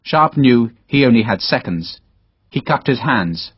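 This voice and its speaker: A man's voice: medium pitch, lively intonation, unhurried, breathy edge, no room sound. A man narrating an audiobook dramatically in a dull, dry lo-fi recording. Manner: dramatic storytelling, voices all characters. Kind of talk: scripted narration.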